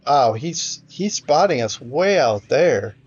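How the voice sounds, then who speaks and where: A man's voice: medium pitch, animated, slow, husky, muffled recording. A man casually commentating a strategy game, hesitant and frustrated, with many fillers and restarts. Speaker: gameplay commentator.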